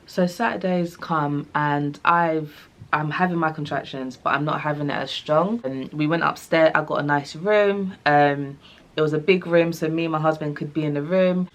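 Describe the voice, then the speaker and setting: A young female vlogger with a low-pitched voice tells her viewers a personal story at a moderate pace. She's casual and animated, acting out the quoted dialogue of the people involved.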